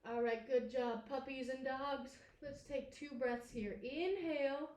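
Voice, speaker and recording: A woman leading a gentle, playful yoga lesson for children, coaxing and making animal sounds. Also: high-pitched, fairly even intonation, a little slow, roomy sound. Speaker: kids yoga instructor.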